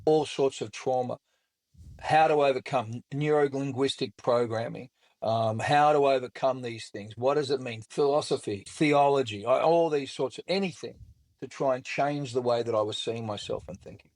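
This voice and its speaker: A man's voice: mid-range voice, normal speed, darkish tone. A middle-aged man, a guest speaking candidly and bluntly about his recovery, with colorful language. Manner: blunt and colorful, with mild swearing. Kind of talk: candid storytelling in conversation.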